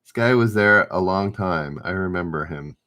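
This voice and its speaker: Running a live-stream trivia game, this middle-aged man speaks at normal speed in a lowish voice that sounds pushed and bright. He reads the questions out, trips and rereads them, and chats with his viewers.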